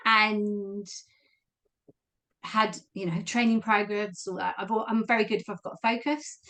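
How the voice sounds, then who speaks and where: A woman's voice: mid-range voice, fairly bright tone. A woman, a guest speaking openly and reflectively about her own life, often laughing. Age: 40s. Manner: open, reflective, laughs easily. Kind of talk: candid personal conversation.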